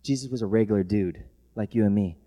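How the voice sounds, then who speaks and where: A male pastor preaching a sermon who moves from soft, tender passages to loud shouting and laughs often. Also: fairly low pitch, quick pace. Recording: long hall reverb.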